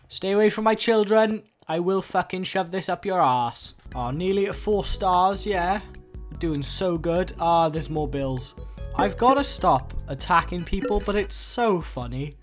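Young man, game commentary, crude and jokey, bouncy animated pitch. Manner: crude, jokey, with sudden shouted outbursts. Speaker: gaming YouTuber. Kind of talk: let's-play commentary.

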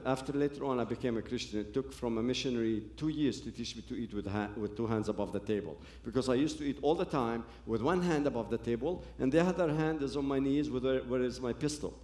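Telling his own story to an audience as a personal testimony, a man speaks earnestly, breaking off phrases and starting over. His medium-pitched voice is a little mellow, and the sound is reverberant.

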